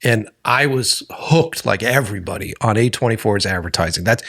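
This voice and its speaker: A man's voice: fairly low pitch, normal speed, gravelly. A man hosting a podcast, telling stories casually with lots of swearing and frequent laughter. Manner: animated, profane, laughs while telling stories. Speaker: podcast host. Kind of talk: casual conversation.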